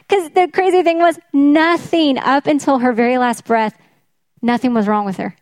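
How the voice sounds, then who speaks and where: A woman's voice: sits high, fairly even intonation, moderate pace, dry recording. A woman preaching a sermon, emphatic, often repeating her key phrases for weight.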